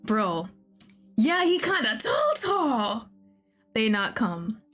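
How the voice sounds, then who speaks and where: A young woman streaming a game, talking to the characters, excitable and often laughing or swearing. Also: fairly high pitch, slow, soft background music. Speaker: VTuber streamer. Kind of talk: casual gameplay commentary.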